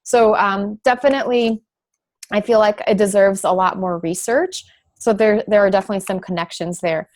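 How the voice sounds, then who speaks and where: A woman pharmacist who specializes in thyroid issues talks as a podcast interview guest. Her medium-pitched voice is steady and a little mellow at a normal speed, and she explains thoughtfully with many fillers and restarts, sometimes lightly sarcastic.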